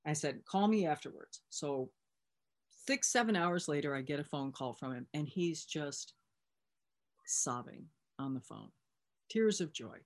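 A woman with a fairly low speaking voice tells a personal story as a recovery sponsor. She talks conversationally, with the odd filler and restart. She retells whole conversations in quoted lines, switching between what she said and what the other person said. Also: lively intonation, measured pace.

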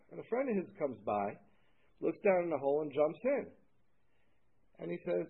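A man speaking haltingly at a support meeting, repeating words and using many fillers as he shares his story and takes questions. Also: on the high side, very animated, gravelly, husky. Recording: tinny phone-like recording.

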